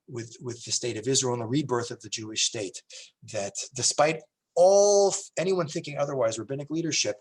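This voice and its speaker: A middle-aged man, a rabbi, lecturing in a synagogue in a conversational way, telling stories with lots of restarts and lively emphasis. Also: mid-range voice, breathy edge. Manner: animated storytelling with many restarts.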